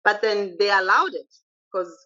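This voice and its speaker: Woman guest, mid-pitched, assertive and chatty; dull lo-fi recording. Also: moderate pace, sharp tone. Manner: chatty, assertive, quotes her kids' exchanges. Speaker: podcast guest, mother of three. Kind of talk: casual conversation. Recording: muffled lo-fi recording.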